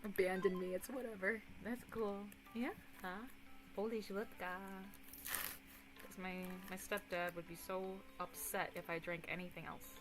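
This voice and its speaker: A young woman in her twenties streaming casual chat, rambling and animated, swearing casually and breaking into excited impressions of others. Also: medium pitch, moderate pace, music in the background, poor audio.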